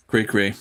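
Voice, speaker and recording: A man chatting casually on a live drawing stream, loose and profane, often repeating his words as he rambles. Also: pushed and bright. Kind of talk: casual chat while drawing.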